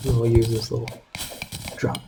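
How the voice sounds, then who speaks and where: Guy chatting through his game, keeps yelling at enemies, voice goes high and squeaky when he's excited, little bit of hiss. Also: measured pace, poor audio. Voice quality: calls his own voice squeaky. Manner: animated, talks to enemies, jumps to high exclamations. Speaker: gaming channel host. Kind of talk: casual gameplay commentary.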